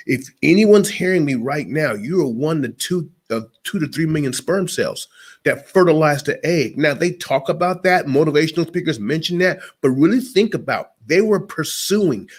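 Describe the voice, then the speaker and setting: A man's voice: on the high side, husky. A man who works as a motivational speaker, talking emphatically and speaking straight to the listeners in an interview. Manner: preachy, emphatic, addresses listeners directly.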